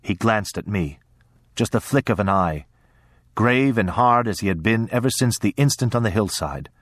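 A man narrating a first-person story in a measured, even storytelling voice. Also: lowish voice, no room sound, studio quality. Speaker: audiobook narrator. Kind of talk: scripted narration.

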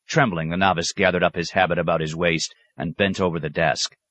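A man reading a novel aloud as narrator, in a measured, even manner. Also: low-pitched, dry recording. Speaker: audiobook narrator. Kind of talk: scripted narration.

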